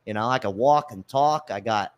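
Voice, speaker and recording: A man hosting a casual livestream podcast, reading viewer comments and ranting in a loud, profane, mock-angry way. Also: lowish voice, moderate pace, smooth. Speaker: podcast host.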